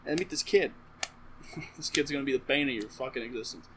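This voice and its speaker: A man's voice: medium pitch, fast talker, background noise. A man casually rambling through a comedic movie recap to camera, swearing freely and interrupting himself with asides. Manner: profane, offhand and rambling, with self-interrupting asides. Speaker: comedic vlogger.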